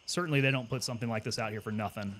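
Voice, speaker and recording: Male streamer, mid-pitched, casual and chatty, thinks aloud while playing, faint background hiss. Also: racing, fairly bright tone. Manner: chatty, thinks aloud, answers chat questions. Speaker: gaming streamer and Army veteran. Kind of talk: casual live gameplay commentary.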